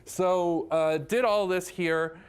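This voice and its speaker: A man's voice: high-pitched, fairly even intonation, slow pace, clean tone. Male math professor from Southern California giving an upbeat, self-deprecating talk to a general audience. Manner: chatty, enthusiastic, self-deprecating, many "right?" asides. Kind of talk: public lecture.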